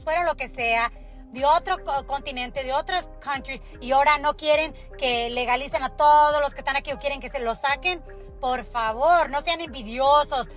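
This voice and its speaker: Exasperated high-voiced woman ranting. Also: a bit bright. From United States. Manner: profane, exasperated, repeats "okay?". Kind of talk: angry social media rant.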